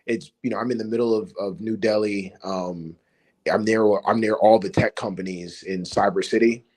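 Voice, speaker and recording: A man calling in to a stream, telling a relaxed story with many ums. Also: lowish voice, moderate pace. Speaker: guest caller. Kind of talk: casual storytelling.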